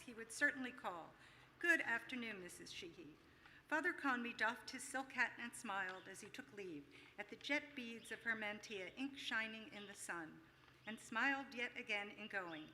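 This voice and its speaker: A woman reading literary prose aloud at a public reading, in a measured, lightly characterful way. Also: a little high, pushed and bright. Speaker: reader. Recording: reverberant hall with faint ambient noise.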